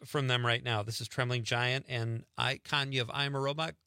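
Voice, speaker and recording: A man's voice: medium pitch, steady tone, pushed and bright, slight background noise. A man hosting a radio show, chatting casually and cheerfully with a guest. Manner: upbeat, chatty, quick to laugh. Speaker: radio host.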